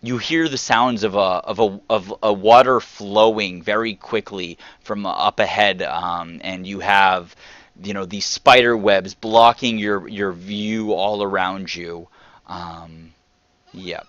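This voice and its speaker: Halting man running a tabletop game. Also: lowish voice, steady tone, fairly bright tone, no echo. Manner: halting, full of ums and restarts. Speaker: dungeon master. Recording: dull lo-fi sound.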